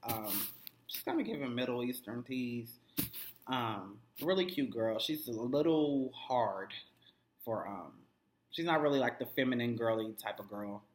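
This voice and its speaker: Profane, animated TV recap vlogger in an echoey room. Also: male voice, medium pitch, unhurried, a little hiss or hum. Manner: animated, swears constantly, acts out characters' lines.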